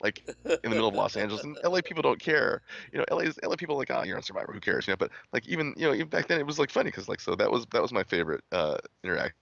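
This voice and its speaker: Man, low gravelly voice, bright forceful tone, casual storytelling, lo-fi dry call audio. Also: racing, no room sound. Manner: laid-back storytelling with animated quoted voices. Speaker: guest, former contestant. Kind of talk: casual chat.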